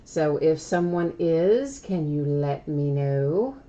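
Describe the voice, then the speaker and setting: A woman's voice: sits low, expressive, takes it slowly, warm tone, muffled recording. A woman hosting a live stream, chatting casually and explaining shipping details at length, laughing at herself now and then. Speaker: live stream card break host.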